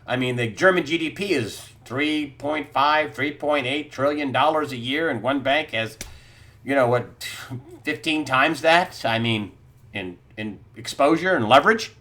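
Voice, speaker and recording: A man's voice: medium pitch, unhurried, sharp tone. A middle-aged man hosting a solo news commentary, talking in an incredulous, sarcastic way and laughing scornfully at the stories he reads.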